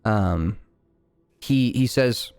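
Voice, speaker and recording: A man running a tabletop game who narrates slowly and with a gravelly texture. He speaks in a relaxed way, leaning on fillers between descriptions. The sound is close and dry. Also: on the low side, dry recording, faint music behind. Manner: relaxed, many fillers, unhurried. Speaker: game master.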